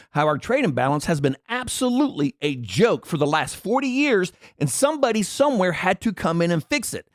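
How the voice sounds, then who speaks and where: A man's voice: high voice, no room sound, clean studio sound. A man, ranting sarcastically and indignantly in political commentary. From Tennessee. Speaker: commentary vlogger.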